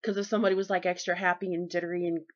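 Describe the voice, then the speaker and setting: A woman talking in a casual, sermon-like faith vlog, lively and folksy, her voice jumping high and low and loud and soft. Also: very fast. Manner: lively, folksy and preachy, with big swings in pitch and loudness. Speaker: vlogger. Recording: dull lo-fi recording.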